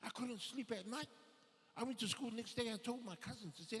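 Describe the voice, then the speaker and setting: Bright-voiced man telling stand-up stories. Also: extremely high pitch, fairly quick. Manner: animated, acts out quoted voices. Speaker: stand-up comedian. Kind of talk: stand-up comedy storytelling. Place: live show in an arts and events centre. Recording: reverberant theatre hall.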